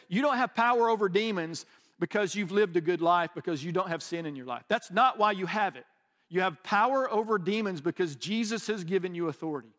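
A man's voice: sits high, lively intonation, brisk, fairly bright tone. A man preaching a sermon in a conversational way, with restarts and asides. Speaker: pastor.

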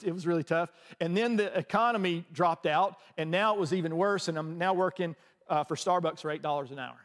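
Guy pastor telling stories in a sermon, kinda high voice, big hall reverb. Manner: storytelling, conversational, many restarts.

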